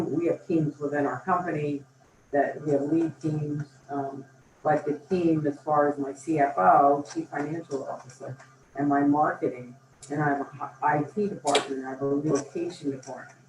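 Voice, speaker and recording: A woman's voice: deep voice, fairly even intonation, moderate pace, background noise. An older woman and company founder, chatting enthusiastically as an interview guest and acting out little anecdotes. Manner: enthusiastic, chatty, acts out quotes. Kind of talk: animated storytelling in conversation. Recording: roomy, distant mic, faint ambience.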